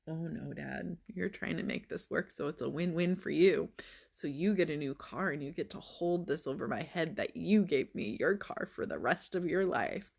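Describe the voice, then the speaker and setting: Lady vlogging, sarcastic and fed up, lots of vocal fry. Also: deep voice, normal speed, a little mellow. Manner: sarcastic, exasperated storytelling. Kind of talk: casual vlog monologue.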